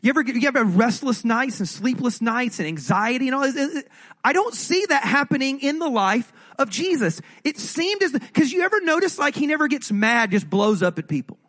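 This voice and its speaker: A man's voice: very high-pitched, big pitch swings, a little fast, a bit bright. A male pastor giving a sermon in a conversational, jokey way, often asking the audience questions.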